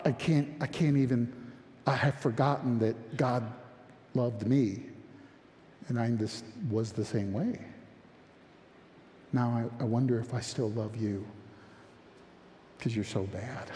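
A man preaching a sermon, with an impassioned manner and frequent restarts that rise toward near-shouting. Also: mid-range voice, big-room sound, a little hiss or hum. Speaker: pastor.

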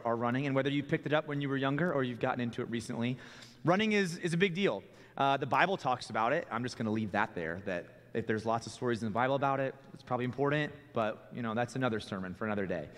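A young man, a student ministry pastor, preaching a sermon in a relaxed conversational way and often repeating words as he starts a phrase. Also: mid-range voice. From Texas. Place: church sanctuary. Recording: long reverb of a church hall.

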